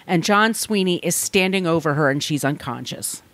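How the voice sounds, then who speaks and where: Woman, lower voice, blunt conversational true crime storytelling, dry close sound. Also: animated, normal speed, fairly bright tone, no room sound. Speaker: podcast co-host.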